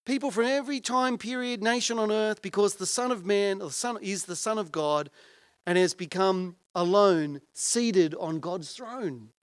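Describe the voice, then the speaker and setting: A man's voice: high-pitched, measured pace, smooth, no echo, clean studio sound. A male pastor preaching a sermon in an earnest, conversational way and putting questions to his listeners.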